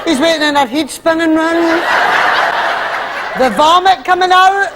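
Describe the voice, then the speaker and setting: A Scottish woman performing live stand-up comedy, animated and acting out voices as she tells her routine. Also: extremely high pitch, a little slow, over a noisy crowd, very noisy. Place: stage before a live audience. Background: audience laughter.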